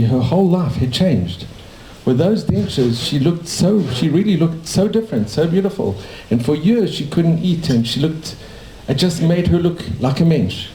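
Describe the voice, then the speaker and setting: Older man from South Africa, dentist sharing memories, mellow voice, roomy cafe sound. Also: a little high, a little hiss or hum. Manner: rambling, warm anecdotal storytelling with restarts. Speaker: dentist telling his life story. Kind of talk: casual storytelling to a small audience. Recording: echoey cafe room.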